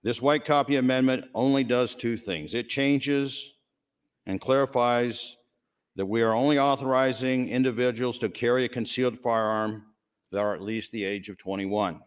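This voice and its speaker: A man in a legislative chamber, calmly explaining his bill in a plain, measured floor speech. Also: mid-range voice, clear, resonant tone. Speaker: state senator introducing a bill.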